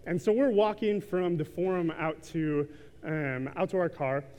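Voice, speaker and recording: Guy giving a sermon, kinda high voice, says um and like a lot, church hall echo. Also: unhurried, darkish tone, clear, resonant tone. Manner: casual storytelling full of ums and likes. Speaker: preacher. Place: church sanctuary.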